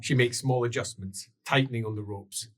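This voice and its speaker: A man narrating a tabletop role-playing game as game master, in an animated way with laughs and sound effects. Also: medium pitch, moderate pace, a little hiss or hum.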